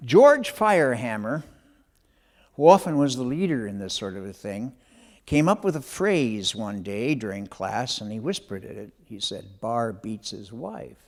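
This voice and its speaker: Older male author, memoir storytelling; animated delivery, moderate pitch with a wide, lively range. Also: a little slow.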